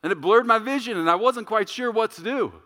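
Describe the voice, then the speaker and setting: A middle-aged male pastor preaching a sermon, telling a story and acting out voices with big jumps in pitch and volume. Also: a little fast, bright, forceful tone, long reverb tail.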